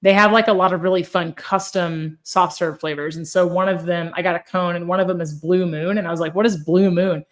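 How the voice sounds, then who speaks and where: A woman co-hosting a food podcast in casual chat, a chatty and animated storyteller who laughs easily. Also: lowish voice, brisk, hardly any pauses. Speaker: podcast co-host.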